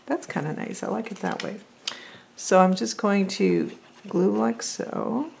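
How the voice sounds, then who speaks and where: A woman's voice: mid-range voice, expressive, unhurried, vocal fry, darkish tone, a little hiss or hum. A woman vlogging as she makes paper crafts, chatty and thinking aloud as she works. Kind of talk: casual crafting chat.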